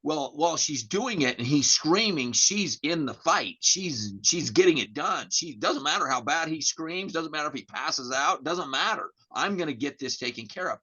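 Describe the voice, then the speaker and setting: A man's voice: on the high side, animated, normal speed, hardly any pauses, sharp tone, slightly rough, highs cut off. A middle-aged man, a podcast guest, telling a story in a candid chat, often repeating words and acting out the dialogue.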